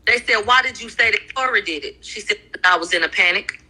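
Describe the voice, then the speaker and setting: A woman's voice: medium pitch, a little fast, bright, forceful tone, breathy edge, low-quality recording. A woman casually retelling courtroom testimony question by question in a chatty, run-on way. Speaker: trial recap commentator.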